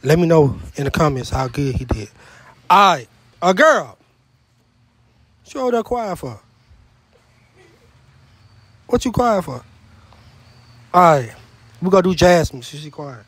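A man hosting a truth or dare game at a party, loud and joking, cursing freely and stumbling over his words. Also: on the high side, big pitch swings, measured pace, pauses often, breathy edge, no room sound. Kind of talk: casual party chat. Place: room at a house party.

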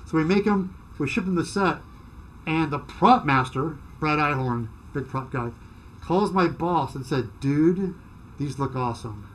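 A middle-aged man telling work stories in a casual chat, animated and acting out other people's lines. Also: fairly high pitch, slight background noise. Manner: animated, acts out dialogue in quick bursts. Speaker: guest.

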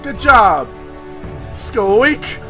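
A man commentating his own gameplay as a video host, excitable and swearing a lot, often squealing. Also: high voice, very slow. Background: game music and sound effects.

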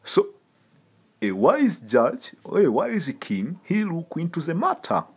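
A man gives a loose, streetwise sermon, his husky voice rising and falling with lively swings in pitch. He hammers points home by repeating them and keeps turning to the listener with a casual "man". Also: takes it slowly. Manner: emphatic, repetitive, streetwise, addresses listeners as man. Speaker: preacher. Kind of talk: informal sermon teaching.

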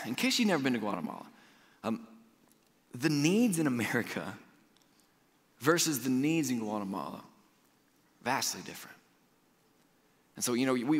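Male pastor, lively storytelling sermon, tense bright tone, long hall echo. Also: a little high. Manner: animated storytelling with frequent "like" fillers. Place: church sanctuary.

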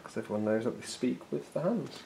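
A man's voice: mid-range voice, lively intonation, fast talker, gravelly, dark tone, rough recording. A man hosting a miniature painting video, chatting casually and self-deprecatingly while he paints. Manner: joking, rambling, self-deprecating. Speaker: miniature painting channel host.

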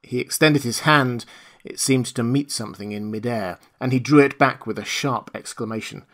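A male audiobook narrator with a mid-range voice, telling the story in a dramatic, expressive way. Scripted narration, read steadily. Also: mid-range voice, normal speed.

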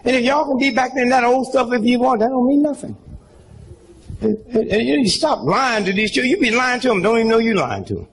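Man in his seventies, stand-up storyteller, rambling folksy asides, high gravelly voice, faint room noise. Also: lively intonation, a little fast, low-quality recording. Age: 70s. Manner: folksy, rambling storytelling with asides like "huh?" and "you know what I'm saying?". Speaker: comedian. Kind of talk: stand-up storytelling to a live audience.

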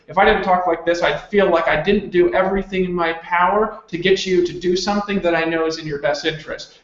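A man leading a members' call, pushing listeners to act now in an insistent, repetitive motivational sales pitch. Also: roomy sound, lo-fi sound. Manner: insistent, urgent, heavily repetitive. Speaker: company leader on a members' call.

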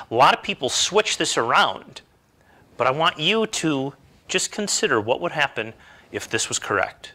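A man's voice: fairly high pitch, very animated, normal speed, sharp tone. A middle-aged man giving a motivational self-help talk, emphatic and full of rhetorical questions.

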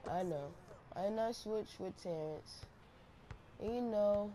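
A woman giving excitable, slangy, trash-talking commentary over her own basketball gameplay on a headset mic. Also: medium pitch, takes it slowly, long pauses. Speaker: gaming channel host. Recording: noisy game audio behind.

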